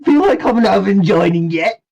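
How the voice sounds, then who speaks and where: A man's voice: high-pitched, lively intonation, brisk, gravelly, darkish tone, voice pushed up, full character voice. A man doing a gloating, hungry cannibal mercenary. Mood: taunting.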